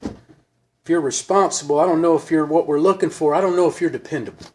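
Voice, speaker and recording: A man's voice: fairly high pitch, fairly even intonation, slight background noise, close to an everyday voice. A man acting out a skeptical boss who questions a job applicant's reliability while reading his resume. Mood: doubtful. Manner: doubtful, drawn-out questioning.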